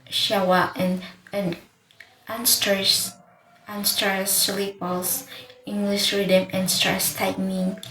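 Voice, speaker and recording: A woman slowly explaining a lesson as a teacher. She talks haltingly and often restarts words partway through. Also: mid-range voice, fairly bright tone. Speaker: English teacher. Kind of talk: slow, careful lesson explanation. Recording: echoey room with faint ambient noise.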